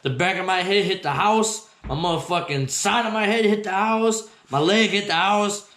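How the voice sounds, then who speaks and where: High-pitched dude telling a wild story, cussing nonstop, slangy, echoey room. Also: male voice, normal speed. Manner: profane, slangy, animated, acts out voices. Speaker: host. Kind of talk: comedic personal storytelling. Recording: roomy echo.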